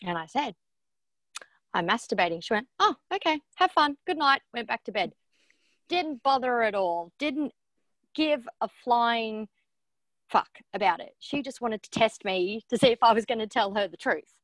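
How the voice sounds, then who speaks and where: A woman's voice: fairly high pitch, normal speed, pauses often, no room sound. A woman guest on a podcast telling frank personal stories in casual chat, saying her throat is a bit sore. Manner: frank, animated storyteller.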